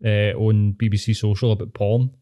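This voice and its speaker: A man's voice: on the low side, little pitch movement, moderate pace, mellow. A man on a podcast with sweary, giggly banter. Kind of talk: casual podcast chat.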